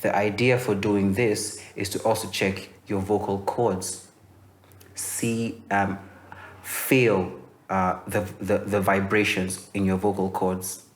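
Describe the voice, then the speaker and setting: A young man from Kenya teaching voice-over in a relaxed, explanatory way, with many fillers and restarts. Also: on the low side, slow pace. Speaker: voice-over coach. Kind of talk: instructional masterclass.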